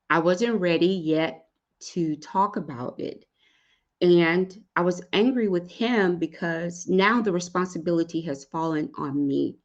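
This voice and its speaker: Gravelly-voiced woman podcast host. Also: sits low. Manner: earnest, heartfelt, speaks directly to parents. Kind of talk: personal storytelling to listeners. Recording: dull lo-fi sound.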